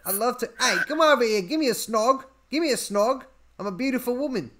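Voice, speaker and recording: A man's voice: extremely high pitch, lively intonation, brisk, heavy background noise, voice pushed up. A man putting on a mock British accent, playing a coy, flirty actress.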